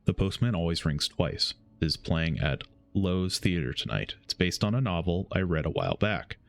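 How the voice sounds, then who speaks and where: A young man streaming a game, reading its letters aloud slowly and often stumbling and correcting himself. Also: low-pitched, animated, gravelly. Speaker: gaming streamer.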